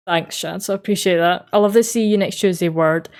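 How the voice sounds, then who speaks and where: A woman's voice: lowish voice, normal speed, darkish tone, clean tone. An Australian woman streamer in casual chat, reading out and answering live chat messages in an easygoing way with frequent laughs.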